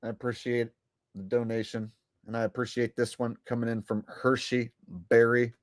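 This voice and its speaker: A man's voice: medium pitch, flat delivery, moderate pace, no room sound, clean studio sound. A man hosting his own livestream, talking in a rambling, profane, blunt way. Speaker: channel host. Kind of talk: casual livestream talk.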